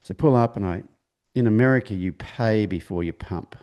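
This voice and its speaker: A man, a horse trainer and interview guest, telling a long personal story in conversation with a halting delivery, many restarts and acted-out dialogue. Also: lowish voice, highs cut off.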